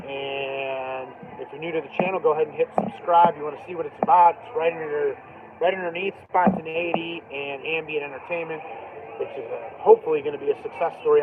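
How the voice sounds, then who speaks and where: Chatty man streaming live on a noisy street. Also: fairly high pitch. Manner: loose, chatty, full of "like" and "dude". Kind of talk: casual rambling live stream. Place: outdoors on a downtown street, band playing nearby. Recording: tinny phone-line sound with loud street noise.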